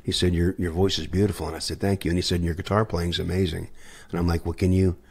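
A man with a very low voice, a guest musician on a podcast. He tells his stories with gusto, acting out the quoted lines and laughing often. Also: level tone, fast, vocal fry, a little mellow, husky. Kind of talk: anecdotal storytelling in a podcast interview.

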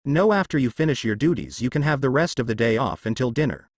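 A gruff male swordsman, curt and scowling, voiced plainly by a man reading the story. The voice moves over a wide pitch range in a dry room. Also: lively intonation, fast, no echo, lightly acted. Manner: grunting, curt.

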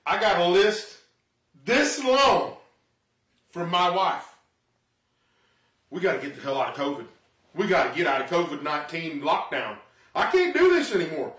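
A man with a drawl rambles through a comedy bit in a folksy, self-mocking way. His voice sits high and bright, swinging all over the place. It sounds roomy and a little off the mic, as if filmed in a living room. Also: far from the mic. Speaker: stand-up comedian. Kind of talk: home-filmed comedy monologue.

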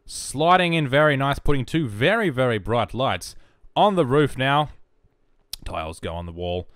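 A man with an Australian accent voicing an excitable sports commentator in punchy play-by-play. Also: medium pitch, moderate pace, no echo, studio quality, lightly acted. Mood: excited.

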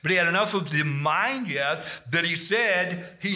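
Animated, bright-voiced male Bible teacher. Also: high voice, unhurried, reverberant. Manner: animated, rambling storytelling with dramatized scripture.

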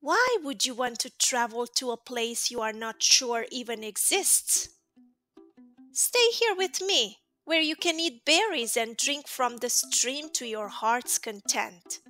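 A woman's voice: on the high side, animated, takes it slowly, faint music behind, heavily acted. A cautious fat mouse, voiced by a woman. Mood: cautioning. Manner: warm, cautioning. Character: fat, comfortable, generous mouse.

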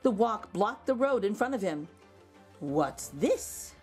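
A woman reading a children's picture book aloud, expressive with gentle asides. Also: on the high side, normal speed, faint music behind.

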